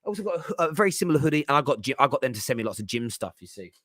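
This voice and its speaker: A man's voice: medium pitch, very animated, very fast, a bit bright, no echo. A man, hosting a casual football chat show, rambling and laughing often as he talks. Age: 30s. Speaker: host.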